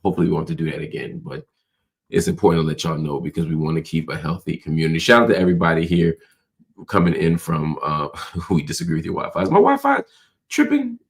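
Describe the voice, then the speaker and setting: A low-pitched man hosts a nightly livestream in a loose, conversational way, calling his viewers y'all. His voice is a bit hoarse from a cold he is fighting. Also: little pitch movement, quick pace. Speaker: host. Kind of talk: casual nightly livestream talk.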